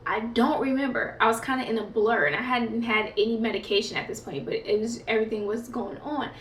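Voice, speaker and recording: A woman's voice: a little high, fairly quick, a bit bright, far from the mic, a little hiss or hum. A woman vlogger telling a personal story in a chatty, casual way, peppered with fillers. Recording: roomy, set back from the mic.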